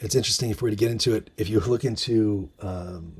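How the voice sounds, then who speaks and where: A man's voice: on the low side, fast, slightly rough. A man hosting a casual monologue, musing with many fillers and restarts and reading out bits of articles. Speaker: host.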